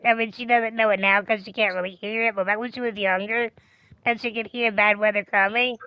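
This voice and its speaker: A woman streamer chatting casually, telling a rambling, profane, animated story. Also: mid-range voice, clear, resonant tone, dry recording, highs cut off. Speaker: game streamer. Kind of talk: casual chat.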